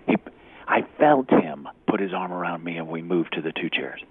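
A man, an executive recruiter, telling a faith story in an animated way, acting out the dialogue and dropping to a whisper at times. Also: low-pitched, normal speed, vocal fry, husky. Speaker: executive recruiter, guest speaker. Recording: tinny phone-like radio audio.

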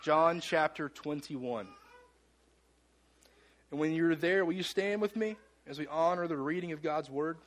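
A man preaches to his congregation with earnest conviction. His voice sits fairly high, and he slows down and pauses for emphasis. He sounds like a pastor speaking from the front of a church. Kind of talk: sermon. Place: church sanctuary.

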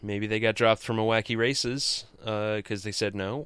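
A man's voice: fairly low pitch, flat delivery, moderate pace, few pauses, fairly bright tone, clear, resonant tone, no echo. A man hosting a comics podcast, giving a casual, rambling and jokey recap that often interrupts itself.

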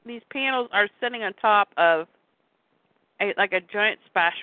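A woman co-hosting a casual chat, reading comic book dialogue aloud in an animated way and acting out the lines. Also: mid-range voice, measured pace, dry recording. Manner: animated, acts out lines in voices. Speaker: podcast co-host. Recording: tinny phone-like, dry sound.

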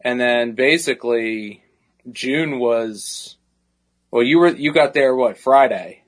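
A man's voice: mid-range voice, slow pace. Reassuring male host, laughing easily. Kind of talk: casual chat.

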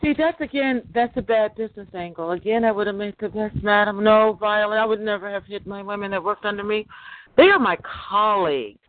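A woman's voice: mid-range voice, a little fast, no echo. A woman hosting a casual podcast chat, talking emphatically and repeating her points. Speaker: podcast host. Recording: tinny phone line.

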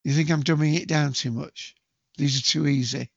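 A man hosting a casual movie quiz, chatty and jokey, with bursts of loud quote acting. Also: fairly high pitch, fairly even intonation, moderate pace, gravelly, no room sound. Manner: chatty, jokey, self-mocking, acts out movie quotes loudly. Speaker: quiz host. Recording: dull lo-fi dry home recording.

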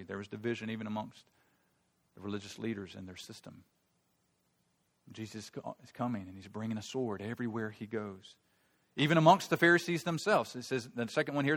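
Emphatic male preacher, rising loud. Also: medium pitch, in a large hall. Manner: swings from quiet explaining to loud emphatic outbursts; repeats words and restarts while preaching. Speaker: pastor. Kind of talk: sermon.

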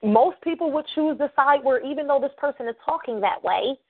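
A woman's voice: high voice, a little fast, no echo. A woman talking earnestly and reflectively in a podcast conversation, thinking aloud as she goes. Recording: tinny phone-like line, dry.

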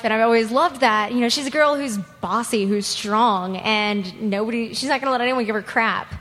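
A woman from a convention audience telling a personal story, candid, blunt and quick to giggle. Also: fairly high pitch, fairly bright tone. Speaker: audience member at a fan panel. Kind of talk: personal story told to a panel. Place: convention panel room. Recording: long hall reverb at a convention panel.

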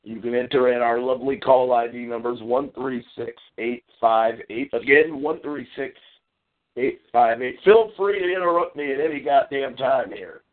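Through lo-fi, phone-like call-in audio, a male host rants alone on his radio show, boastful, brash and profane. He speaks at a moderate pace in a mid-range voice.

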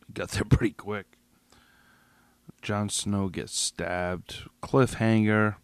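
Slow, profane, agitated male podcaster. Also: on the low side, steady tone, clear, resonant tone, no echo. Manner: agitated, profane, rambling with restarts. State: tipsy. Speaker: podcast host. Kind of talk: solo episode reaction rant.

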